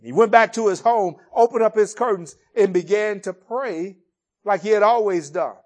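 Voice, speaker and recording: A man preaching a sermon, retelling a Bible story in an expressive storytelling way. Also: sits high, normal speed.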